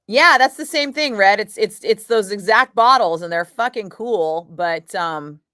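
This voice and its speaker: A woman's voice: mid-range voice, unhurried, dry recording, clean studio sound. Chatty middle-aged woman. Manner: chatty, animated storyteller, swears casually. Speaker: radio DJ chatting with live viewers. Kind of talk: casual livestream chat.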